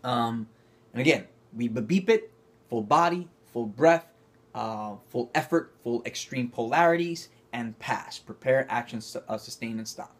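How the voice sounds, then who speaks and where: A man's voice: mid-range voice, expressive, measured pace. A man teaching acting, talking to camera and calling out cues while he demonstrates movement exercises. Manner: coaching, calling out cues, rising to loud effortful bursts.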